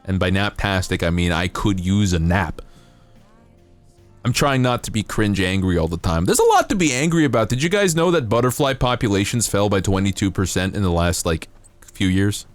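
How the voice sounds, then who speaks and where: A man's voice: sits low, lively intonation, normal speed, smooth, soft background music. A young man streaming a game, chatting casually in rambling, profane, self-mocking rants. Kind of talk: casual live-stream chat while gaming.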